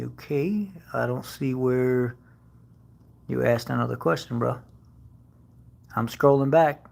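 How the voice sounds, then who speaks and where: A man's voice: medium pitch, unhurried, vocal fry, long pauses, a little mellow. A man hosting a casual car-channel live stream, rambling with fillers and restarts.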